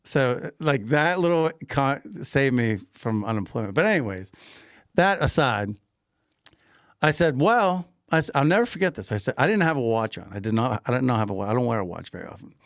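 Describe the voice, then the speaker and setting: A man co-hosting a podcast, casually telling an animated anecdote, laughing often and repeating himself. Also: mid-range voice, fairly quick, no echo, clean studio sound. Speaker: podcast co-host and grocery store owner.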